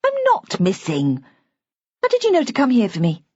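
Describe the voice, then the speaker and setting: A woman reader voices a devoted young bride, raised high above her own register, husky and raw. She bristles at every challenge and speaks with a catch of tears. The audiobook recording is dry and slightly muffled. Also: wildly swooping pitch, moderate pace, a little mellow, no echo. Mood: defiant. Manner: high, emotional and indignant, voice breaking at times. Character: tearful, defiant young wife, passionately devoted. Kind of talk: audiobook character voice.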